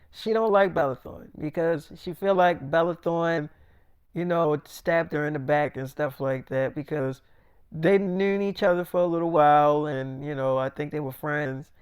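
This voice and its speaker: A man's voice: on the high side, normal speed, clean tone, no echo, studio quality. A young man telling a rambling, improvised story in a casual, profane way, full of fillers like "you know.".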